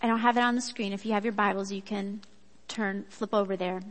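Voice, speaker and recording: A woman giving a sermon with a personal story, in a chatty, animated way that acts out quotes. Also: medium pitch, a little fast. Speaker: speaker at a church gathering. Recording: echoey hall.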